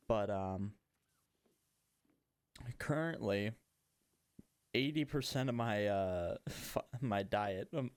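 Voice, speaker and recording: Playing a game as he talks, a man hosting a casual gaming podcast rambles and pokes fun at himself. He has a lowish voice and there's no room sound.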